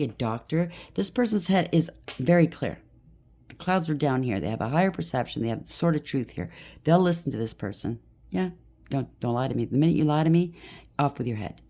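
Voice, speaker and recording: Tarot reader, casual reading, blunt, emphatic, rattles off lists, mid pitch. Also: a little mellow.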